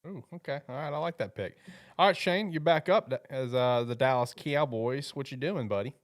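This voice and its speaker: A man's voice: medium pitch, a little fast, dry recording, clean studio sound. A man hosting a mock draft with playful banter and frequent laughter. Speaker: host running a mock draft. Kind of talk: casual joking chat.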